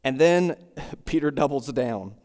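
A man delivers an expository sermon at a mid-range pitch, explaining the passage verse by verse. He restates key phrases as he builds his point. His voice rings out with a long reverb, as if from a church hall. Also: animated, a little slow, a little mellow. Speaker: preacher.

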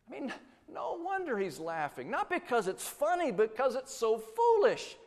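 Pastor guy preaching, slightly high voice, goes loud then quiet, big hall echo. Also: wildly swooping pitch, normal speed. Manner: emphatic, swings between loud and hushed. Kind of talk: sermon. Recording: long hall reverb.

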